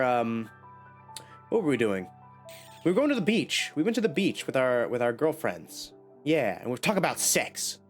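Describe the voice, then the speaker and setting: A male game streamer talking in a loose, playful way, with a lively voice that swings widely in pitch. He carries a slight cough while he narrates his moves. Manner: chatty, playful self-talk. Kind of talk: casual live gameplay chat.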